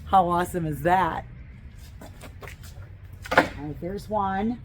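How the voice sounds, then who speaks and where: A woman's voice: on the low side, slow pace, very noisy. A woman gardening instructor giving a chatty, enthusiastic how-to demonstration, gushing over her greens as she works. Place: outdoors on a porch.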